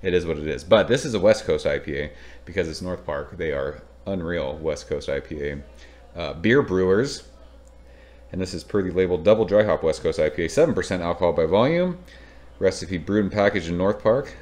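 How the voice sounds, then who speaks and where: Very deep-voiced chatty beer reviewer man. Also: fairly quick. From Southern California. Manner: chatty, rambling, excitable, swears casually. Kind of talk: casual beer review vlog.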